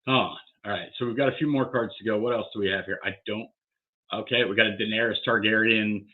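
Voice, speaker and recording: A card-collecting vlogger opens graded trading cards on camera, swearing and worked up as he talks to himself. His voice sits on the low side, with a steady tone and a quick pace. The sound is tinny, like a phone recording.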